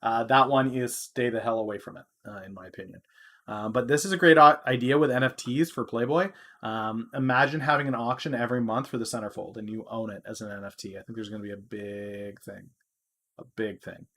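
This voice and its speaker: A man hosting a stock market podcast, talking casually in a loose, filler-heavy way that gets loud when he is excited. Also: mid-range voice, fast talker.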